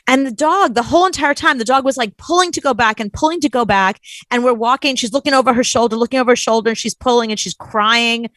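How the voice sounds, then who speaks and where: A woman's voice: a little high, fast, hardly any pauses, no echo. A woman co-hosting a show, telling a story in casual chat and acting out the people she quotes. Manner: animated, acts out quoted voices. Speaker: co-host.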